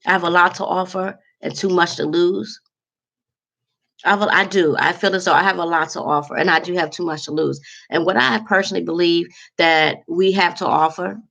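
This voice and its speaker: A woman vlogger in a candid, heartfelt to-camera monologue, halting with many fillers and close to tears. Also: on the low side, creaky, a bit bright.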